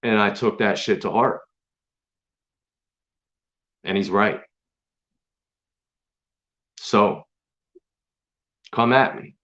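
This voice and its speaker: A man's voice: fairly low pitch, very slow, long pauses, a bit bright. A man hosting his own stream, delivering an angry, profane, confrontational rant straight at his critics. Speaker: online stream host. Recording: dull lo-fi sound.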